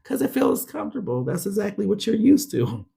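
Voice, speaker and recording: A woman's voice: medium pitch, sing-song, brisk, vocal fry, dark tone, slightly rough. A woman giving a casual tarot reading, chatty and slangy, speaking straight to her listeners and sounding a bit stuffy. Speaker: tarot reader.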